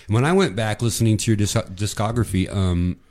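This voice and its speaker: A man's voice: lowish voice, a little fast, darkish tone. A man hosting a music interview, chatting in a laid-back, agreeable way. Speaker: show host. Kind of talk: casual interview chat.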